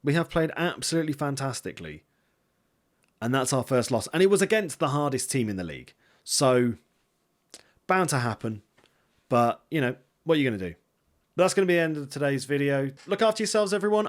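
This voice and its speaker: A man casually commentating his own football management game, getting excitable and swearing when things go wrong. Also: mid-range voice, fairly quick. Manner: excitable, swears when frustrated, self-deprecating asides. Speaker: gaming streamer.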